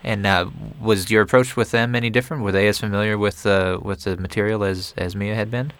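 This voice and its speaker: A man's voice: fairly low pitch, steady tone, brisk, fairly bright tone. A man interviewing a film director, asking eager, complimentary questions.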